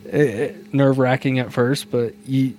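A man's voice: medium pitch, fairly even intonation, a little slow, darkish tone, slight background noise. A man co-hosting a podcast in casual chat, upbeat and chatty, often laughing as he talks. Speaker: podcast co-host.

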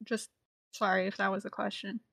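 A woman's voice: medium pitch, flat delivery, brisk, gravelly, a bit bright, no room sound, studio quality. A woman playing a tabletop role-playing game for the first time, unsure and apologetic as she asks about the rules. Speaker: new player. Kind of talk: casual tabletop gaming chat.

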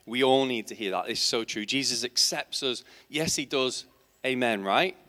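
A man's voice: medium pitch, normal speed, pushed and bright. Man preaching with rhetorical questions. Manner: emphatic, builds to passionate peaks. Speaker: teacher. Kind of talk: sermon. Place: church.

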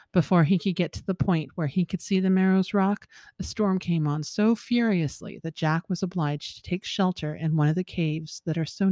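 A woman host telling a folktale in a lively, expressive reading voice, with occasional chuckles. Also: low voice, no echo, clean studio sound. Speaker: storyteller.

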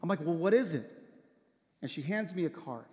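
Male pastor, earnest storytelling sermon, slightly high voice, long church-hall reverb. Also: expressive, normal speed. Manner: earnest storytelling, drops to a hushed voice for tender moments.

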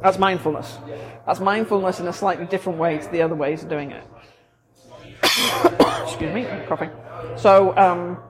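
A woman's voice: lowish voice, fairly even intonation, moderate pace, pauses often. A woman therapist, chatting casually and explaining things with everyday examples. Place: busy coffee shop. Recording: noisy coffee shop recording. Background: café crowd chatter.

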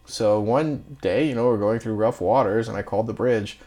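A man's voice: lowish voice, moderate pace, warm tone. A man, a marine engineer, chatting casually and telling rambling work stories, acting out what people said and laughing along. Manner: rambling storyteller who acts out dialogue and laughs.

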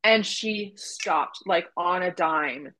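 A woman's voice: fairly low pitch, slow pace, rough recording. A woman, a doula, telling a story in casual podcast chat, acting out quoted dialogue. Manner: animated retelling with quoted dialogue and laughs.

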